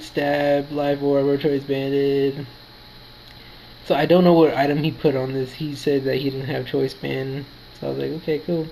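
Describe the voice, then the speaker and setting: Tired male gamer narrating a battle in an even, mid-pitched voice, quick relaxed delivery. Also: slight background noise, low-quality recording. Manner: quick, relaxed play-by-play, quotes his own thoughts. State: tired, yawning. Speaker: gaming commentator. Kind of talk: casual battle commentary.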